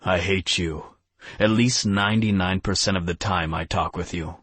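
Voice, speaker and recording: A man voicing a blunt male werewolf who answers in terse, deadpan lines. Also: deep voice, normal speed, breathy edge, dry recording. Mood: grumbling. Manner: terse, dry deadpan replies.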